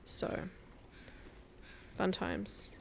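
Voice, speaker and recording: A woman's voice: very slow, a little hiss or hum. Chatty woman streaming a survival game. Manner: chatty and laughing often. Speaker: guest streamer. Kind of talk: casual gameplay commentary.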